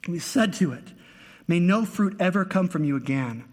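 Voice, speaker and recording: High-voiced preacher in a reverberant hall. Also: male voice, animated, normal speed, a little mellow. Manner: emphatic, earnest preaching with repeated phrases. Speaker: pastor. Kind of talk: sermon.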